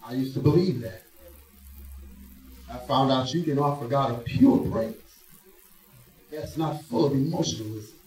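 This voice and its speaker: A man preaching a sermon in a church, swinging between hushed, drawn-out phrases and loud emphatic bursts. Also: mid-range voice, expressive. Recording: echoey room, voice from a distance.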